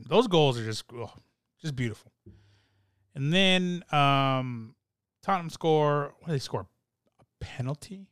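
A young man talking in a rambling, excitable way with many fillers and restarts, as in casual chat. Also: medium pitch, dry recording, studio quality. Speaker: soccer fan podcaster.

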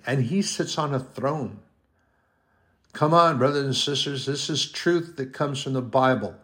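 A man's voice: medium pitch, a bit bright. Earnest male preacher with emphatic swells. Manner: earnest, rising to emphatic peaks, slow deliberate stresses. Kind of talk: sermon.

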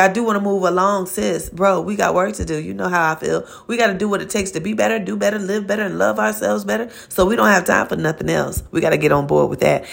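A woman's voice: medium pitch, gravelly. A woman hosting a faith-based motivational podcast, speaking earnestly and directly to listeners, often checking in with "okay?" and repeating words as she searches for phrasing. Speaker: podcast host.

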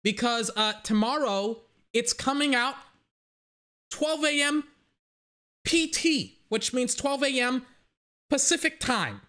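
Young male podcast host, bright tone, loose excitable rambling chat. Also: very high-pitched, slow pace, long pauses. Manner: rambling, excitable, swears casually. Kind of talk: casual solo podcast chat.

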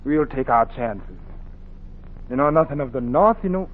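A man's voice: medium pitch, expressive, moderate pace, close to an everyday voice. A man playing a stern, stubborn brother. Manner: forceful, dismissive. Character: stubborn elder brother refusing to flee. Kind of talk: 1950s radio drama acting. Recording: tinny old radio recording with hiss.

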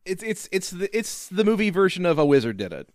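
A man hosting a podcast, recapping a movie plot in animated, jokey casual chat. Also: sits high, brisk, no echo, studio quality. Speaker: podcast host.

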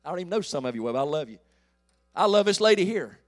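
A pastor in his late forties preaching a folksy call-and-response sermon that builds to shouts. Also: high voice, sing-song, quick pace, faint music behind. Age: 40s.

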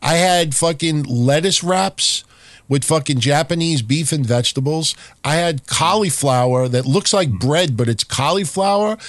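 A man's voice: a little high, measured pace, no echo. A man hosting a podcast, chatting candidly and casually with some swearing. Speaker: podcast host. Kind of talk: casual chat.

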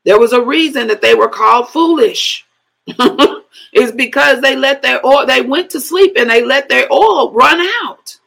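Middle-aged woman preacher, husky and unhurried, laughs between phrases. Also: sits high, fairly bright tone, rough recording. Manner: breaks into speaking in tongues, laughs between phrases. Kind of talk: sermon.

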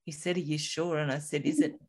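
A woman recounting a personal experience in a slow, reflective, soft-spoken way as a guest in an interview. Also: sits low, fairly even intonation. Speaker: guest telling her story.

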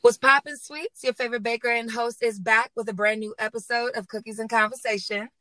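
A woman hosting a casual podcast interview, lively and slangy, laughing often. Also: a little high, a little fast, no room sound, low-quality recording. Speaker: podcast host and baker.

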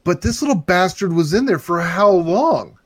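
A man telling a long story in casual chat, rambling and getting loud and animated as it builds. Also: high voice, moderate pace, dry recording. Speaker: podcast host telling a story.

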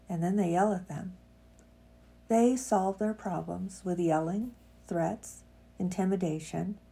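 A woman podcast host with a croaky voice from a cold, chatting casually and then reading a heartfelt piece aloud with emphatic feeling. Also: medium pitch, dark tone. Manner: chatty and self-mocking, reads with emphatic feeling.

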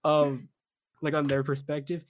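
A young man hosting a podcast, telling a story in casual chat that turns into animated, laughing disbelief. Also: on the high side, measured pace, slight background noise. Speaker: podcast host.

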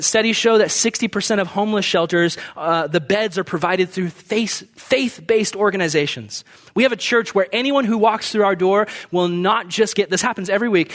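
A man's voice: sits high, fairly bright tone. A young adult man preaching a sermon as a pastor, telling stories in a conversational way and acting out the voices of people he quotes.

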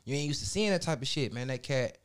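A man's voice: mid-range voice, fast talker, clear, resonant tone. A man chatting casually, telling a long story with lots of slang and swearing. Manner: profane, slangy, animated storytelling. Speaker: storyteller in a chat. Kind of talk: casual chat.

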